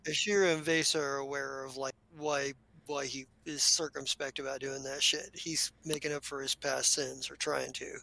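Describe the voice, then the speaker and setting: A man's voice: medium pitch, little pitch movement, moderate pace, gravelly, hardly any pauses, pushed and bright. A man running a tabletop game as game master, talking in a rambling way with lots of fillers.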